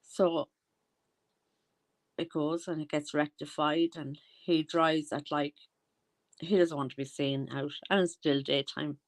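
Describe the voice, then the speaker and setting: Chatty Irish woman with a lowish voice. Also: fairly even intonation, measured pace, long pauses. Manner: chatty, rambling, loses her train of thought. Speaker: commentary vlogger. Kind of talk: casual rambling commentary.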